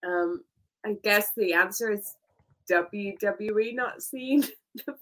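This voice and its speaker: A woman's voice: medium pitch, slow, fairly bright tone, low-quality recording. A woman co-hosting a casual wrestling chat, enthusiastic and emphatic, laughing easily. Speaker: podcast co-host.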